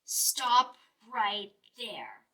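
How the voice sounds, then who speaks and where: A woman voicing a big, greedy, grumbling male bear in a read-aloud storybook, slow and booming. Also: very animated, sharp tone, recorded from a distance, heavily acted. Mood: gruff.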